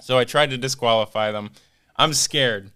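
A man who is a podcast guest, telling work stories in an animated, casual way, freely swearing and acting out what others said. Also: mid-range voice, normal speed, clear, resonant tone. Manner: animated, acts out quoted voices. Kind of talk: casual storytelling.

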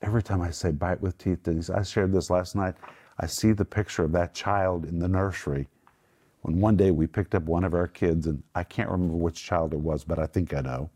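A man's voice: low voice, fairly even intonation, fairly quick, dark tone. Emphatic male Bible teacher. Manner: emphatic, swings his voice up to stress points. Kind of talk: Bible teaching to a small group.

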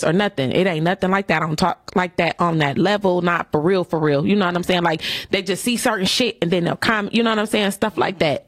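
Female host, casual chat, lively storyteller who swears freely. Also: on the low side, dry recording, clean studio sound. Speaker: podcast host.

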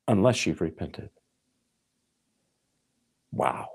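A man's voice: medium pitch, moderate pace, vocal fry, a little mellow. A middle-aged man preaching a sermon, telling a personal story and acting out his dialogue with God, addressing listeners as folks. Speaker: pastor.

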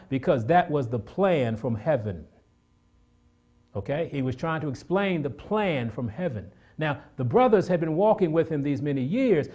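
Male preacher, sermon, fairly high mellow voice, loud bursts and hushed asides, rhetorical questions.

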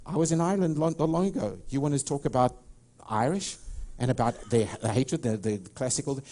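A man's voice: medium pitch, a little fast, dark tone. A middle-aged man with a South African accent preaching a sermon, telling stories with many restarts. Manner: rambling, storytelling with many restarts. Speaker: pastor.

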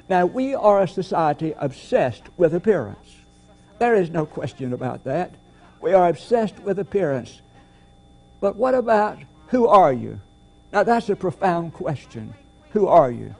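Give me a male pastor preaching emphatically in a mellow, fairly high voice. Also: expressive, creaky. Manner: deliberate, emphatic preaching with repetitions. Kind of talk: sermon.

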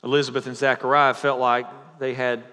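A male pastor delivers a Sunday sermon in a mid-pitched voice. He starts with light jokes, then turns slow and emphatic, repeating key phrases. His voice rings with the long reverb of a large church hall. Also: flat delivery, bright, forceful tone. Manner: jokey opening, then slow emphatic repetition. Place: church sanctuary.

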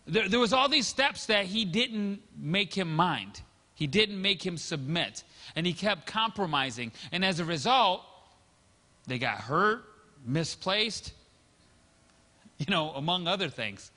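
High, bright-voiced pastor preaching. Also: male voice, animated, unhurried, long reverb tail. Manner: conversational storytelling, acting out quoted dialogue. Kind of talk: sermon.

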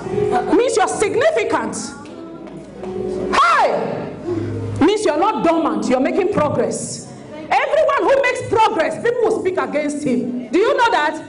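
A woman pastor preaches in a high, bright register, animated and emphatic. She breaks into shouts to drive her points home. Her voice rings through an echoey hall. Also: a little slow, long pauses, faint music behind. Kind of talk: sermon.

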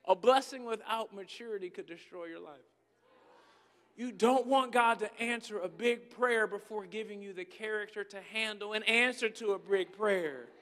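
High, bright-voiced pastor preaching. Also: male voice. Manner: animated, joking, acts out dialogues with God. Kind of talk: comedic sermon. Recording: reverberant hall.

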